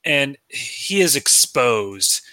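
Brief: male podcast co-host, crude teasing humor, very bright sharp tone. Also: medium pitch, big pitch swings, drawn-out words, no echo. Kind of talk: crude comedic podcast chat.

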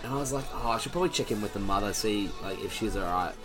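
A man's voice: lowish voice, racing, over music. A young man, co-hosting a podcast and telling a rambling, slangy festival story in casual chat. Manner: laid-back, rambling, slangy. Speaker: podcast co-host.

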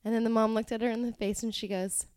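Giggly, higher-voiced woman podcast guest. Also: flat delivery, racing, a little mellow. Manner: giggly, chatty storyteller. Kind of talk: casual chat.

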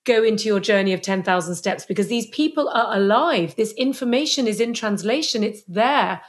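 A woman speaking as a podcast guest on Chinese medicine, animated and acting out little scenes in other voices. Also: medium pitch, a little fast. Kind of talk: podcast interview.

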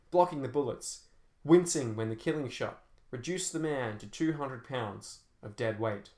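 Male narrator, action audiobook, dramatic delivery, mid pitch, roomy echo. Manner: dramatic action storytelling with shifting pace.

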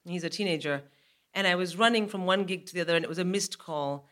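A woman in her forties, a comedian guest, telling an animated comic anecdote with laughter in her voice on a live podcast. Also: fairly low pitch, fast.

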